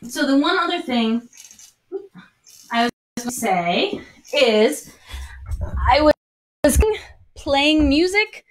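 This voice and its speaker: A woman's voice: sits high, sing-song, slow, pauses often. A woman dance instructor teaching a live-streamed lesson, counting steps aloud as she dances and a bit out of breath. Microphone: single mic while moving around.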